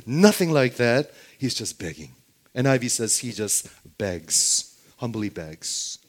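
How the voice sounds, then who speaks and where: A man's voice: mid-range voice, animated, slow pace, darkish tone. Man, preacher, Bible sermon, rhetorical questions, frequent check-ins with listeners.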